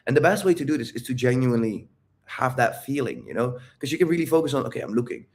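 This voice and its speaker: A blunt, emphatic man coaching on relationships, cursing freely and stopping to check that his listeners follow. His voice sits at an ordinary middle pitch, and he acts out little scenes to make his point. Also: very animated, fast talker. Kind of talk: coaching monologue with role-play.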